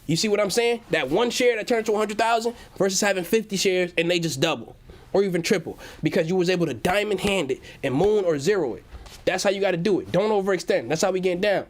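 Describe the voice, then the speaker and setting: A hyped young man chats on a livestream from his home, talking in loose slang and reading chat messages aloud. His voice sits a touch high for a man. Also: fairly quick. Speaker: livestream host.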